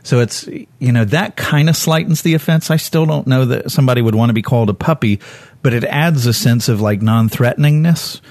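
A man preaching in a loose, conversational way, walking his listeners through a Bible story. He is lively and candid, slipping into the voices of the people in it with leaps in pitch. His voice sits at a middle pitch, and the sound is dry and close with no room echo. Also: brisk. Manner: lively, acts out quoted voices with sudden jumps in pitch; candid and self-correcting.

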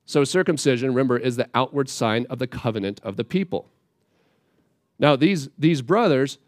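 Male preacher, mid pitch, easygoing and plainspoken, dry read. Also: dry recording. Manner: casual, plainspoken, animated asides. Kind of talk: conversational Bible teaching.

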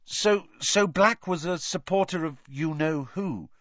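A man's voice: fairly high pitch, measured pace, fairly bright tone, no echo, voice pushed up. A man voicing a nervous, hesitant teenage boy wizard, on a dull lo-fi audiobook recording.

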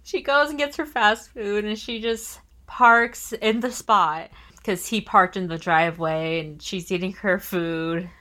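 A woman's voice: mid-range voice, steady tone, a little slow, bright, forceful tone. A woman co-hosting a casual book podcast, laughing often as she retells funny scenes. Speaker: podcast co-host. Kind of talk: casual book-club chat.

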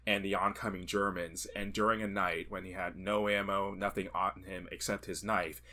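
A man co-hosting a podcast, chatting casually about a film, animated and quick to laugh. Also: sits low. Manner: animated, laughs often, acts out quotes. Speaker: podcast co-host. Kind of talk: casual movie review chat.

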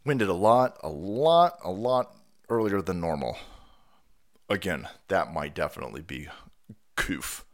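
A man with a low, expressive voice hosts a casual livestream, speaking a little slowly with long pauses. He has a stuffy nose from a cold, sounds a bit winded, and rambles in a sarcastic, profane way.

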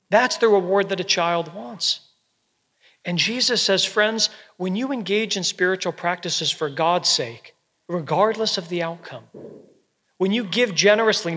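A man preaching a sermon as pastor, earnest and gentle, with soft quoted asides. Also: high-pitched, in a large hall.

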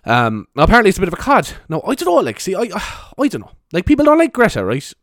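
A young vlogger with a Cork Irish accent chats casually to camera, rambling, swearing often, and laughing at himself. His high voice is fast and fairly bright, with huge pitch swings, captured in clean studio sound with no echo.

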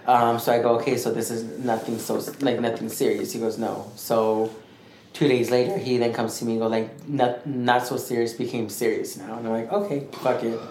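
A man co-hosting a podcast, telling a story in a rambling, animated way and acting out what others said. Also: mid-range voice, a little fast. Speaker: podcast co-host. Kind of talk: casual storytelling chat. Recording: echoey room with faint noise.

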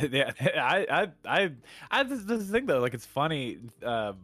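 A man's voice: a little high, big pitch swings, a little slow, bright, forceful tone, no room sound, faint music behind. A man chatting casually about a movie in a rambling, laid-back way, swearing now and then. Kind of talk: casual film review chat.

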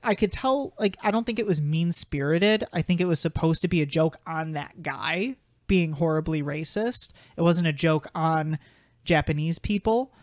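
A man's voice: fairly high pitch, normal speed, dry recording, studio quality. A young man co-hosting a podcast, talking through a film in a casual, thoughtful way and arguing his point at length. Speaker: podcast co-host.

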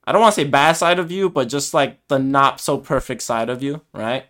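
A man's voice: mid-range voice, lively intonation, a little fast, fairly bright tone. A young man co-hosting a podcast, chatting casually in a hesitant, reflective way with many fillers. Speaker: podcast co-host. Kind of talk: casual conversation.

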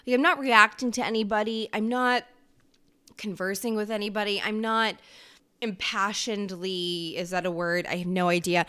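A woman's voice: medium pitch, a bit bright, clean tone. A woman hosting a solo podcast from her kitchen, talking in a candid, profane, self-mocking and rambling way. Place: home kitchen.

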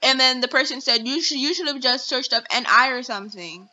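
A woman's voice: high-pitched, fairly quick, sharp tone, muffled recording. A young woman hosting a casual podcast, ranting with exasperation and reading out chat messages. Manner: indignant, exasperated, reads chat messages aloud. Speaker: podcast host.

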